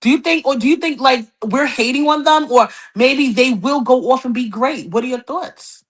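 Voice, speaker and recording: A woman hosts a casual call-in gossip show. She talks in a sassy, emphatic way, hammering her points with repetition. Her voice sits a little high. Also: moderate pace. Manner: sassy, emphatic, repeats phrases. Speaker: podcast host.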